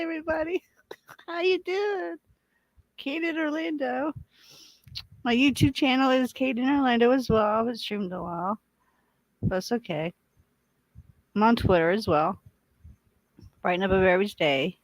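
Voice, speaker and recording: A woman's voice: high voice, unhurried, pauses often, dry recording, rough recording. A woman chatting casually as a guest on a livestream, playful and teasing and laughing often.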